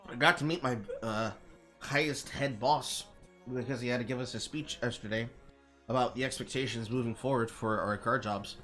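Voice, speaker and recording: A man streaming, telling stories in casual chat, animated and swearing freely. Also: mid-range voice, normal speed, soft background music. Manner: animated storytelling with mimicked voices.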